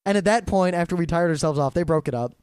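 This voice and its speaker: A man's voice: fairly high pitch, quick pace, darkish tone, clean tone, no room sound. A young man co-hosting a podcast, telling rambling stories in casual chat. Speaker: podcast co-host.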